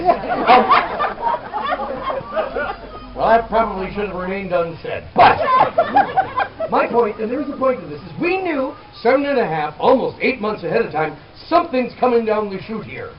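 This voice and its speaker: A middle-aged man doing stand-up comedy for a festival crowd, animated and shouting out names. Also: high-pitched, normal speed, lo-fi sound. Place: outdoor festival stage. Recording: distant crowd-noise camera audio.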